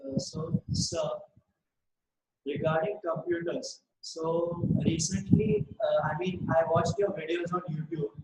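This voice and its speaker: A man's voice: high voice, huge pitch swings, measured pace, creaky, darkish tone, distant mic. A young man interviewing a guest, asking hesitant questions full of fillers and rephrasing as he goes. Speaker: student interviewer. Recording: roomy audio with faint background noise.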